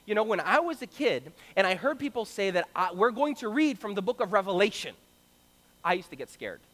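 A young man from Brazil telling a story in an animated sermon, acting out the voices of the people in it. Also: sits high, fairly quick. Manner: animated, acts out quoted voices. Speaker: preacher. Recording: long hall reverb.

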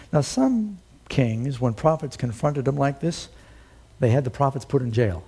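A man's voice: normal speed, creaky, warm tone, husky. A man preaching a sermon, chatting with the congregation between dramatic readings of scripture. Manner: dramatic, reads scripture aloud with big swings in pitch; conversational asides to the congregation. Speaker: pastor.

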